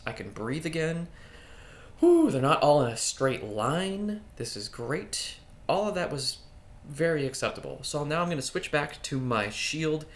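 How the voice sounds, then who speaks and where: A man's voice: medium pitch, a bit bright, a little hiss or hum. A man giving casual, playful commentary over his own gameplay footage as a guide creator, swearing now and then.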